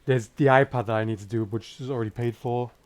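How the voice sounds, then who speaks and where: A man working as a phone repair technician, calmly and matter-of-factly explaining his work in casual chat. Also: medium pitch, fast talker. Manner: calm, matter-of-fact explaining.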